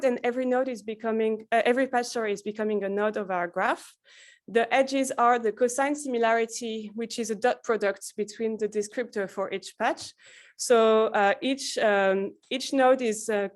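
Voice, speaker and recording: A woman presenting a technical tutorial from slides. She explains step by step and often corrects herself mid-sentence. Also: a little high. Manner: explanatory, with frequent self-corrections and filler sounds.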